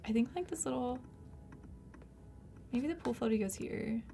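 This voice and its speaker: A woman's voice: on the high side, normal speed, gravelly, mellow, slight background noise. A woman hosting a live design stream, chatting and narrating each step with frequent laughs. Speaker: livestream host and designer. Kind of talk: casual live design demo.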